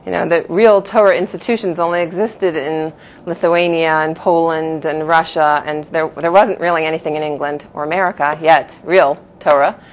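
A woman's voice: low-pitched, steady tone, moderate pace. A woman teaching a Jewish philosophy class, explaining terms patiently and giving each in two pronunciations. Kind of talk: classroom lecture. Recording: dull lo-fi classroom recording.

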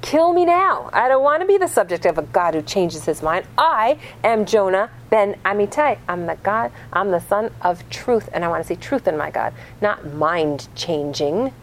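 Enraged prophet railing at God, put on by a woman teacher, indignant and lively. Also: mid-range voice, normal speed, few pauses, slight background noise, lightly acted. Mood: accusing. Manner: indignant, accusing tirade. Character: furious male prophet ranting at God.

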